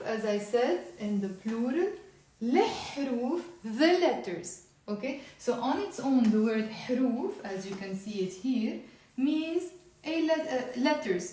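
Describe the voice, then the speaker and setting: A woman with a fairly high voice runs a live online lesson. She chats as she goes and keeps coaxing listeners to repeat after her. The sound is roomy, with echo off the walls. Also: darkish tone. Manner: chatty, encouraging, coaxes viewers to repeat aloud. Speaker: Lebanese Arabic teacher. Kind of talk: live-streamed language lesson. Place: indoor room at a whiteboard.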